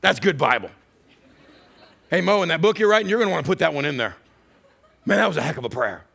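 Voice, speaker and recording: A man's voice: a little high, sing-song, fast talker, gravelly, fairly bright tone, heavily acted. A man voicing God as a laid-back, approving figure who chats in a breezy, offhand way. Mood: casual.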